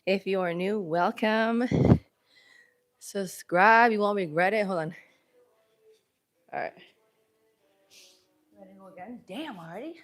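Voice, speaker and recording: Between sets of a live-streamed workout, a woman chats casually with viewers in a medium-pitched voice, a little slow and with long pauses. She laughs often, sounds out of breath, and has a runny nose.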